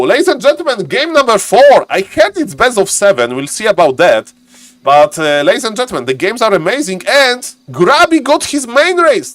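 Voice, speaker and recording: A man giving live game commentary as the caster, excitable and laughing often, repeating set phrases. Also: high-pitched, dry recording. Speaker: esports caster.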